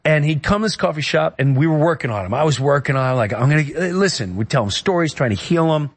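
Middle-aged guy from new york area, kinda high voice, telling an emotional story, keeps restarting his sentences. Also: lively intonation, slightly rough. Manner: earnest, emotional, halting with many restarts. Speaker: guest. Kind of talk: personal storytelling in a conversation.

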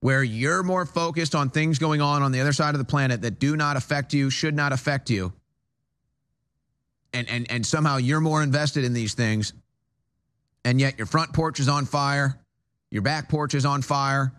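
Man, talk show host, studio monologue, emphatic, repeats himself, medium pitch. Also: moderate pace, a bit bright, clean tone. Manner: emphatic, repetitive, stammering restarts.

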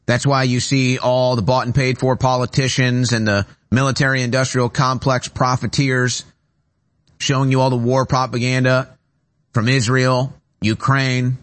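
A male talk-show host speaking from a studio at a middling pitch. He rants emphatically and keeps circling back on his points with growing urgency. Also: flat delivery, normal speed. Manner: emphatic, repetitive, urgent ranting. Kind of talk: political commentary monologue. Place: radio studio.

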